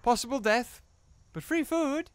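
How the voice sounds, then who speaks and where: A young man giving excited commentary while playing a survival game, laughing often and putting silly lines in the creatures' mouths. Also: very high-pitched, measured pace, noisy background. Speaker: gaming YouTuber. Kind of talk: let's play commentary. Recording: game music behind.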